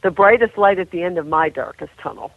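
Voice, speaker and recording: A woman's voice: on the low side, a little fast, dry recording. A woman talking earnestly and emotionally as a guest on a radio interview, rambling and heartfelt. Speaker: phone-in guest, author and animal rescuer. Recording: tinny phone line.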